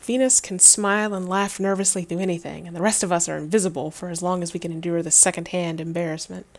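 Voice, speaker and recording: A woman's voice: on the low side, steady tone, quick pace. Wry woman reading a game on stream. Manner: wry, laughing, swearing asides.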